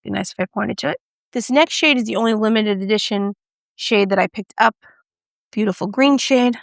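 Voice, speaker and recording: A woman's voice: medium pitch, moderate pace, vocal fry, no echo, studio quality. A woman from the United States, a beauty vlogger, chatting casually through a product review and joking about her own pronunciation.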